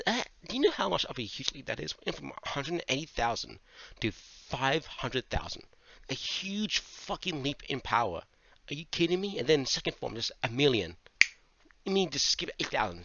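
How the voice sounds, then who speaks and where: A man giving a casual manga review, animated, swearing freely and going off on tangents. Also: medium pitch, no echo. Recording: dull lo-fi dry mic.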